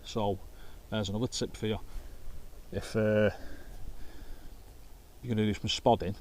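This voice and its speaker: This carp-fishing vlogger talks to camera outdoors by a lake, trading anecdotes and swearing freely in a chatty way. His voice is fairly low and darkish with fairly even intonation and a measured pace, plus a little hiss or hum.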